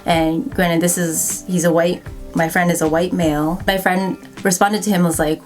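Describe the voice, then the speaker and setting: A woman's voice: on the low side, level tone, moderate pace, a little mellow, faint music behind. A woman in her thirties talking casually to camera, conversational and wry, with plenty of "like" fillers. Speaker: vlogger.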